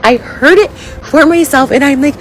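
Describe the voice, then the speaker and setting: A woman's voice: high voice, normal speed, a little hiss or hum, low-quality recording. Upset woman ranting on her phone. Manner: rambling, filler-heavy, breaking off mid-sentence. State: upset, close to tears. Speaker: social media influencer. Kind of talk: emotional selfie video rant.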